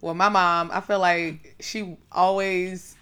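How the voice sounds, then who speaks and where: A woman, co-hosting a podcast in relaxed casual chat and laughing often. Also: lowish voice, takes it slowly, smooth. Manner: laid-back, laughs often. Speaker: podcast co-host.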